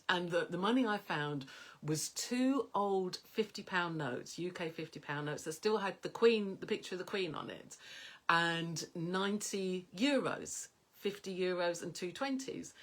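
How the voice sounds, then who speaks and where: Chatty woman with lots of fillers. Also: lowish voice. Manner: rambling, animated, many fillers, dreamy soft whispers in places. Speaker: personal development coach. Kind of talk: casual storytelling to camera.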